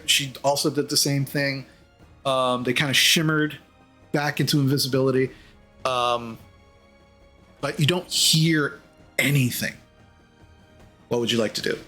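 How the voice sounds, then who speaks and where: A man running a tabletop game as game master, narrating in a relaxed way with many fillers. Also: on the high side, normal speed, pauses often, soft background music.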